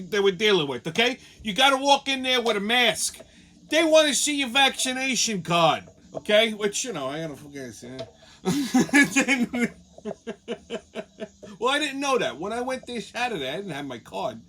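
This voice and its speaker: A man telling a long profane story in a casual rant, often acting out other people's lines. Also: high-pitched. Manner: profane, animated, jumps into quoted voices. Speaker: show host.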